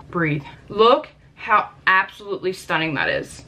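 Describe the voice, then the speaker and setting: A woman's voice: on the low side, wildly swooping pitch, takes it slowly, pushed and bright. A woman in her late thirties, a makeup artist chatting casually and sassily through a makeup routine at her desk at home. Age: late 30s. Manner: sassy, chatty, exclamatory, with frequent asides. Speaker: makeup artist and beauty vlogger. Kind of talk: casual makeup tutorial chat.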